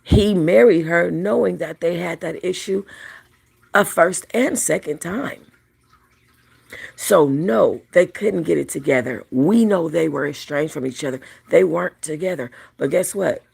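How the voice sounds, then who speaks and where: Gravelly husky woman chatting commentary. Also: on the low side, a little slow, a little mellow. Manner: chatty, rambling, frequent restarts. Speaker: commentary channel host. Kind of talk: casual celebrity commentary.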